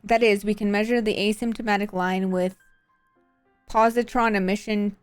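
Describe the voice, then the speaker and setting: A prickly young woman scientist who stammers, argues and hides her feelings behind technical jargon, as a woman streamer reads her lines. Her voice sits in a middle pitch and sounds dry and close, with faint music underneath. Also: level tone, normal speed, smooth, no echo, close to an everyday voice. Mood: flustered. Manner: stammering, defensive, rattles off jargon.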